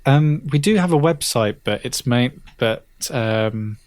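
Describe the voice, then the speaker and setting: A man guesting on a podcast, talking casually and hesitantly with many pauses. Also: mid-range voice, expressive, a little mellow, no echo. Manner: hesitant, lots of ums and restarts.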